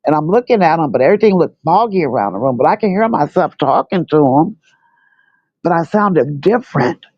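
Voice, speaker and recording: A woman's voice: low voice, brisk, husky, no echo, muffled recording. An older grandmother telling her own story casually, repeating herself and acting out what people said. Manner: animated, repeats herself, acts out quotes.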